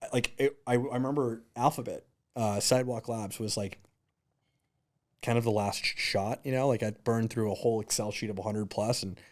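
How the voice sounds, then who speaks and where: Animated male founder telling stories. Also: medium pitch, brisk. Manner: animated, acts out quotes in raised voices. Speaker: startup founder, guest. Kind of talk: casual storytelling interview.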